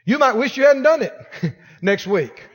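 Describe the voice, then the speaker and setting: A man preaches to his congregation with a high, lively voice that leaps around as he acts out the people in his stories. His words ring out through a reverberant church hall, where the sound hangs in the air. He speaks from the pulpit through a handheld or clip-on mic. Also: measured pace. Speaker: pastor. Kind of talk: sermon.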